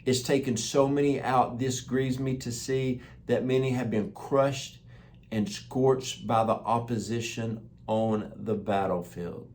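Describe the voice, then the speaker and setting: A man's voice: mid-range voice, fairly even intonation, slow, darkish tone, slight background noise. A man hosting a weekly broadcast of prophetic words, preaching in an exuberant, emphatic way and repeating phrases for emphasis. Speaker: host sharing prophetic words.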